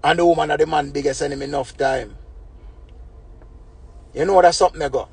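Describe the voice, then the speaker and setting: A man with a Jamaican accent talking on a phone live stream, rambling in patois with proverbs and shout-outs. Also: fairly high pitch, fairly even intonation, fairly quick, slightly rough. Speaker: livestream host. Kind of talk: casual live-stream talk.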